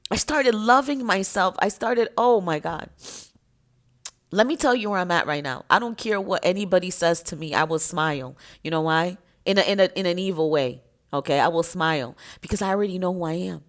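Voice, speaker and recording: A woman's voice: lowish voice, a bit bright. A woman giving an impassioned, emotional spiritual monologue to her viewers in a preachy, emphatic way. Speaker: spiritual content creator.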